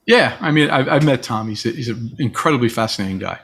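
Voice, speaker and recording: A man's voice: medium pitch, expressive, fast, creaky, fairly bright tone, breathy edge. A man guest in a reflective conversation, telling stories and acting out the voices of people he quotes. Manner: storytelling, acts out quoted voices. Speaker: interview guest.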